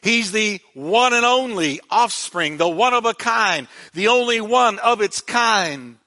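A man's voice: sits high, lively intonation, measured pace, bright, forceful tone. A male pastor preaching a sermon with emphasis, repeating key words for weight.

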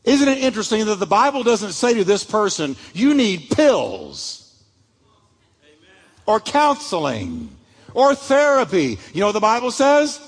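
A man with a high, very animated voice preaches a sermon, swinging up and down as he tells stories and acts out the people in them. He is heard in a church sanctuary with a long, ringing reverb. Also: measured pace, slightly rough. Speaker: pastor.

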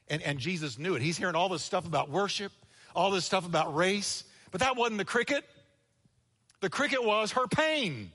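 A male pastor preaching a sermon, swinging between energetic delivery and hushed asides, acting out quoted lines. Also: sits high, moderate pace, in a large hall. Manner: energetic preaching with sudden drops to quiet, acted-out quotes. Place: church sanctuary.

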